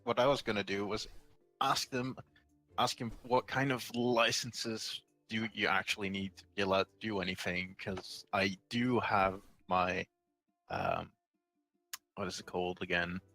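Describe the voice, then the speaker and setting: A man playing in a tabletop game, talking casually and haltingly. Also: lowish voice, lively intonation, sharp tone, dry recording, faint music behind, low-quality recording. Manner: hesitant, halting speech. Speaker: player.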